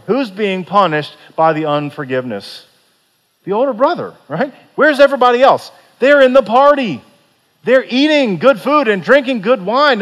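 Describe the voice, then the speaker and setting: A pastor preaching a sermon, retelling a parable with earnest rhetorical questions and soft, pleading quoted lines. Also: male voice, sits high. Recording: long reverb of a large hall.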